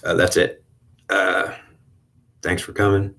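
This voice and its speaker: A man giving a halting, rambling spiritual monologue with lots of restarts and repetition. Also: low voice, level tone, sharp tone. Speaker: channel host.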